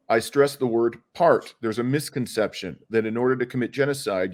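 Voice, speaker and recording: A middle-aged lawyer and activist gives an earnest interview answer, making his argument with frequent hesitations and restarts. His voice is on the low side.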